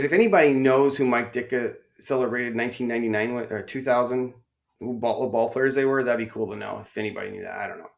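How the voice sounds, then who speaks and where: A man's voice: medium pitch, creaky. Chatty middle-aged man telling stories. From northern Illinois. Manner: chatty, excitable, rambling with restarts. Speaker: podcast host. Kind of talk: casual storytelling.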